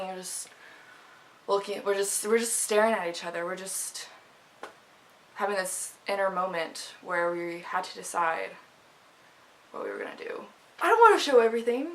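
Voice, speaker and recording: Young woman vlogger, casual and animated storyteller, mid-range voice. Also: medium pitch, rough recording. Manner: chatty, animated, many fillers and restarts.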